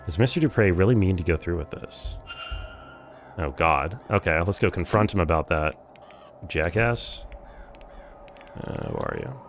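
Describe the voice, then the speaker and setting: A man's voice: low voice, unhurried, creaky, pauses often, soft background music. A young man with a Californian accent streaming a game, chatting casually and saying "like" a lot. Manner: chatty, relaxed, lots of "like". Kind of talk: casual live-stream chat.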